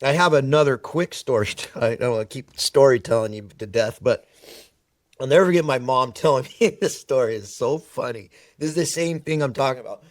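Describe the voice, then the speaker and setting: A man in a podcast chat, spinning personal stories with animated, emphatic delivery and repeated words for effect. His voice sits at an ordinary middle pitch. The recording is close and dry, with no room sound. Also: brisk, dry recording. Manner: animated storyteller who acts out quoted dialogue. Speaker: podcast guest. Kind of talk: personal storytelling in conversation.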